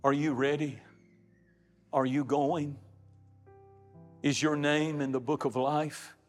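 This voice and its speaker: A man's voice: fairly high pitch, level tone, takes it slowly. A man preaching a sermon, emphatic, with dramatic rises and drops in his delivery. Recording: long hall reverb with faint music.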